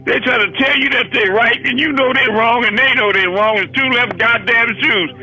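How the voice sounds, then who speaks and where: A male preacher with a high, piercing, sharply edged voice delivers an impassioned sermon. He swears freely and presses his listeners with rhetorical questions, with faint music behind him. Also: normal speed, pushed and bright, poor audio. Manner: fiery, profane, rhetorical questions.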